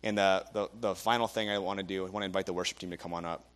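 Young guy preaching a sermon, storytelling, really animated, acts out everybody he quotes. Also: sits low, rapid-fire, smooth. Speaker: guest preacher.

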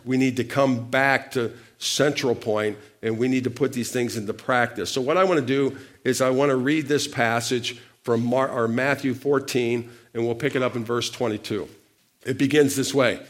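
Lively preacher man with call-and-response. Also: mid-range voice, normal speed. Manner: animated, shifts loudness for emphasis. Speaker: pastor. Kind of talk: sermon.

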